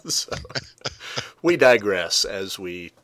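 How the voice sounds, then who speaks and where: A man hosting a casual sports talk show, talking in a halting way with many fillers and restarts. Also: low-pitched, sing-song, fairly bright tone, no room sound.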